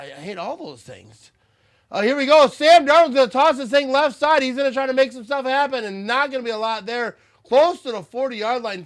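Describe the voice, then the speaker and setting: High-voiced guy doing loud jokey play-by-play, a little buzzed, bright and dry sounding. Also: clear, resonant tone, dry recording. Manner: loud, joking play-by-play banter. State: tipsy. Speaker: livestream host. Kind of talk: live game watch-party commentary.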